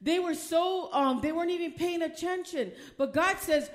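A woman's voice: very high voice, normal speed. An older woman preaching a fervent sermon. She reads scripture aloud, stumbles over some words, laughs often and drives her points home with emphasis.

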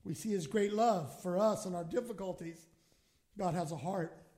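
High-voiced pastor preaching with passion. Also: male voice, moderate pace. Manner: impassioned preaching, swings from hushed to shouting; acts out quoted prayers in his own voice. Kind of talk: sermon.

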